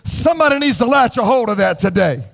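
Male pastor, very high voice, passionate church sermon with shouting and singsong cadence. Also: lively intonation, quick pace, gravelly. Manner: impassioned preaching, rising to shouts and sung cadences. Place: church sanctuary.

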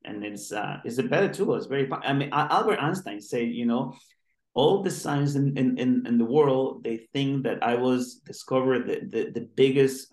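The recording, echoing as if in a large room, features a male doctor guest in conversation with an interviewer. His mid-range voice is a little mellow, and he rambles earnestly with many restarts.

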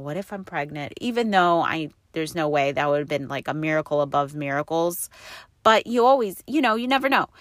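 A middle-aged woman with a low, slightly bright voice hosts a casual podcast, rambling cheerfully from story to story and leaning on "like" as she goes. She records in a parked car, so the sound is close and dry with no room sound.

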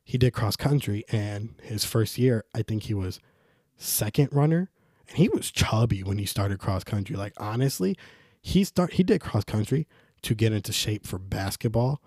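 A young man hosting a podcast, telling rambling, casual stories and jumping up in pitch when he quotes others. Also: lively intonation, moderate pace, a little mellow, breathy edge, dry recording, studio quality. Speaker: podcast host. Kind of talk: casual storytelling monologue.

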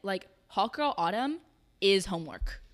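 A teenage girl hosting a podcast in casual chat, giving supportive, quick reactions. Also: medium pitch, animated. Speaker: podcast host.

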